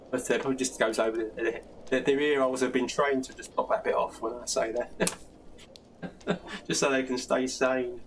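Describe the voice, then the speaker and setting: An older man from South London takes plastering questions in a casual live stream chat, laughing frequently, restarting sentences, and leaving long pauses. His gravelly voice has a medium pitch, steady tone and moderate pace. He sits a bit back from the mic, over faint background hiss.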